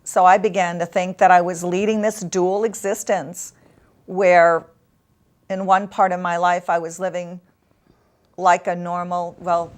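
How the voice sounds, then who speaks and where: A woman guest in an interview, telling a painful personal story in an emotional, halting way with long pauses. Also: lowish voice.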